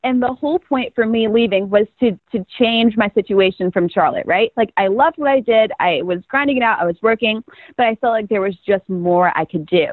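A woman's voice: medium pitch, a little fast, no echo. A young woman from North Carolina, a guest in a casual interview, telling her story with animation and acting out what people said. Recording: tinny phone-like sound, very dry.

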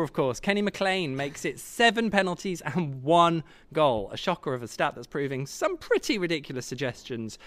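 A man's voice: a little high, very animated, fairly bright tone. A man hosting a live football talk show from a stadium, chatty and joking with his guests. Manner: chatty, jokey and quick. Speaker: host. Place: stadium function room.

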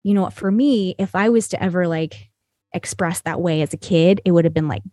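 A woman's voice: lowish voice, fairly quick, mellow, dry recording, studio quality. A woman talking as a podcast guest, telling stories in an earnest, rambling way full of "you know" and "like". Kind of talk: conversational storytelling.

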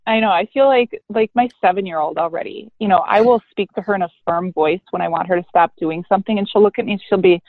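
A woman's voice: mid-range voice, fast, few pauses, dry recording. A woman therapist in her thirties talks candidly and with animation in a casual interview. Her voice comes through a narrow, tinny phone-like line. The sound is dry and close. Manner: candid and animated, swears casually, acts out parent and teen quotes. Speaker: therapist guest.

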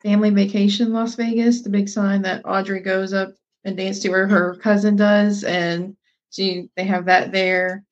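A woman's voice: medium pitch, flat delivery, normal speed, highs cut off. A young woman co-hosting a podcast in casual chat, talking loosely with plenty of fillers and laughs. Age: young adult. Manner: chatty, lots of fillers and laughs. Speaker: podcast co-host.

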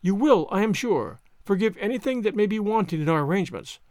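A man puts on an eager young wife, her voice lifted high and tense with worry as she presses for answers. The sound is close and dry, with a lively, swooping delivery. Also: a little fast, no room sound. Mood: anxious pleading.

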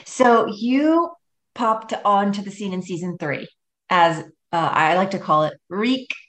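A woman co-hosting a chat podcast, warm and gushing, her voice swooping widely in pitch. She rambles through her questions, and the room gives her voice a noticeable echo. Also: expressive, unhurried, a little hiss or hum. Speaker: podcast co-host. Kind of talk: casual chat, interviewing. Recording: roomy echo.

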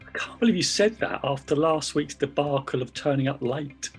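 A man's voice: on the high side, moderate pace, soft background music. A man co-hosting a podcast, enthusiastic and teasing in casual chat. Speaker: podcast co-host.

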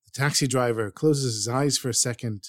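A man narrating a story in an earnest, expressive storytelling manner. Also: medium pitch, brisk, dry recording, studio quality.

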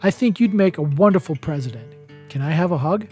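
A man voicing a gentle woman president. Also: low-pitched, animated, brisk, soft background music. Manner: gentle and encouraging. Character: warm middle-aged woman president.

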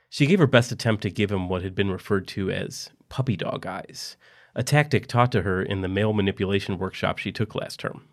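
A man narrating a story in a quiet, even reading voice. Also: lowish voice, fairly quick.

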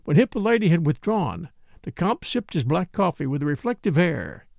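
Man, audiobook narrator, expressive storytelling, slightly high voice, dry close sound. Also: moderate pace, vocal fry, no echo. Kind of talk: scripted narration.

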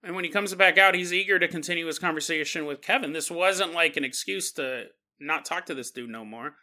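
A man's voice: a little high, a little fast, sharp tone. A man hosting a podcast, telling a story in a casual, conversational way with lots of fillers. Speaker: podcast host.

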